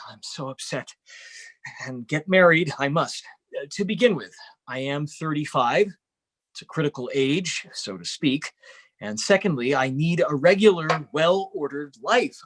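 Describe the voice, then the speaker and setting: A man playing a nervous, formal suitor of thirty-five in a video-call play reading, stammering and clearing his throat. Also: on the high side, fairly bright tone. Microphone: computer mic on video call.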